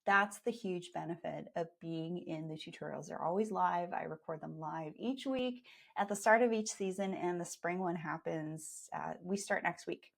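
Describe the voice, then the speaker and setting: A woman's voice: on the low side, moderate pace, creaky, few pauses. A woman with a Canadian accent hosting a live podcast, talking in a chatty, upbeat, promotional way. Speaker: podcast host and skincare educator.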